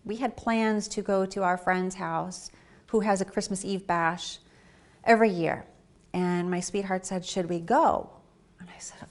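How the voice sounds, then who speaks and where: A woman in her forties giving a personal story talk, animated, acting out her own quoted reactions. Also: medium pitch, measured pace. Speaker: speaker. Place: stage talk.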